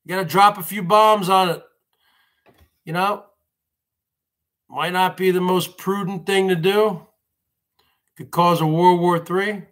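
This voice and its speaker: A man rambles through a livestream monologue in a high, bright, slightly tense voice. He takes his time and drags out his phrases. He keeps repeating himself and turning to his viewers as folks. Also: steady tone, a little slow, long pauses. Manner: ranting, repetitive, keeps addressing viewers as folks. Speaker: livestream host.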